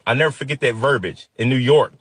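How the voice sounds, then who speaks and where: A man in his fifties, raised partly in Detroit, tells a painful story from his youth. He speaks with intensity and feeling at a medium pitch. His voice sounds dry and close. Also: quick pace, a bit bright, dry recording. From Detroit, USA. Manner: intense, emotional, vivid retelling. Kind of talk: personal storytelling.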